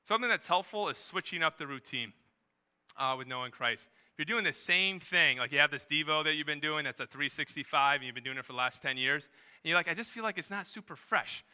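Male pastor, bright and smooth-voiced, conversational sermon with lively asides. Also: on the high side. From New Hampshire, USA. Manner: conversational, quick asides, rising emphasis. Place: church during live service.

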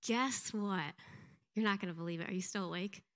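A middle-aged woman giving an animated, self-deprecating church testimony, laughing often. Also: mid-range voice, fairly quick. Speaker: pastor's wife giving a testimony.

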